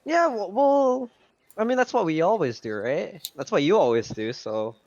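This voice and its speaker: Excitable young man at a game table. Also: high voice, normal speed, highs cut off. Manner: excitable, laughs between lines. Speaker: player. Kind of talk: casual chat at a game table.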